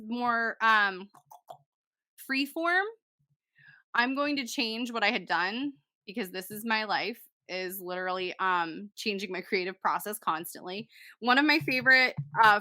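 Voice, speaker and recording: Woman, young tutorial host, casual, thinks aloud, bright tone, dry close mic. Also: on the high side, no echo. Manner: chatty, talks to herself while working, self-deprecating. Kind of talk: casual screen-recorded software tutorial.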